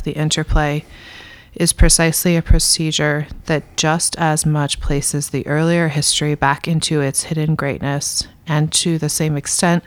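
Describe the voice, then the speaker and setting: A woman reading a dense philosophy text aloud in a measured, deliberate way. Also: sits low, no room sound. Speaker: reader in a philosophy reading discussion.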